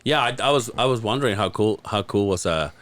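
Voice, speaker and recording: A man's voice: lowish voice, fast talker. A man in his late thirties co-hosting a podcast, telling stories in a casual, swearing way. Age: 30s. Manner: animated, swearing, laughing storyteller. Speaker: podcast co-host. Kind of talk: casual chat.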